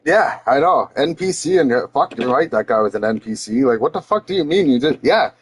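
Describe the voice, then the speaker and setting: A man's voice: mid-range voice, animated, fairly quick, breathy edge. A man livestreaming, telling a story to his chat in a heated, profane ranting way. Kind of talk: casual storytelling to a stream chat. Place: home streaming setup.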